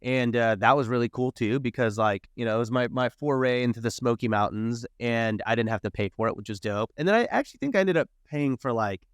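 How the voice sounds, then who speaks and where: A man in his thirties talks casually as a podcast guest and tells stories in an animated way, jumping into the voices of the people he quotes. His voice is smooth and resonant, at an ordinary pitch for a man. The recording is close and dry, with no room sound. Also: fairly quick, few pauses, dry recording. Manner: animated storyteller, acts out quoted dialogue. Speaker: podcast guest, real estate investor. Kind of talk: casual storytelling interview.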